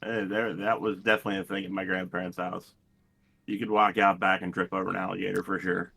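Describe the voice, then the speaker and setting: A man's voice: sits low, level tone, quick pace, gravelly, bright, forceful tone, breathy edge. A man in casual podcast chat, blunt and wry, swearing now and then.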